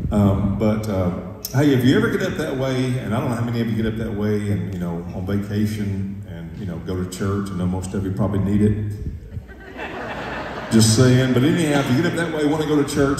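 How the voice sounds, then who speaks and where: A man's voice: fairly low pitch, mellow, slight background noise. A man, a gospel singer giving a joking, folksy stage talk between songs in a church concert hall. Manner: folksy, joking, stirs the crowd up. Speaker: gospel quartet singer speaking to the audience. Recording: echoey hall, distant mic, crowd.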